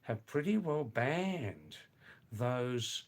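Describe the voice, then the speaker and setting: An older man in his seventies speaks with a mild Australian accent, easing toward a neutral middle-of-the-road sound. He talks very slowly and deliberately, musing aloud and pausing to call viewers by name as he answers comments on his live stream. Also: medium pitch, very animated. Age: 70s. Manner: unhurried, musing, pauses to address viewers by name. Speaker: livestream host. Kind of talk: casual live chat reading viewer comments.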